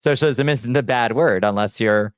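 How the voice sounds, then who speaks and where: A man's voice: mid-range voice, normal speed, clear, resonant tone, no room sound. A man chatting on a casual livestream, reading chat aloud and answering in a chatty, sardonic way, on a close desk mic. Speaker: streamer.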